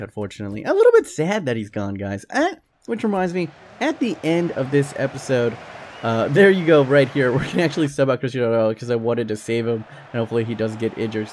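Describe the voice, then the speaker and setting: A man giving excited, casual commentary over a football video game, often jumping to high yelps. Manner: animated, jumps to high-pitched yelps when excited. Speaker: gaming YouTuber.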